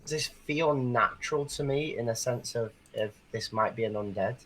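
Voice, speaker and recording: A man's voice: medium pitch, normal speed, a bit bright, poor audio. A man playing a tabletop role-playing game who talks hesitantly and restarts his sentences. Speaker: player.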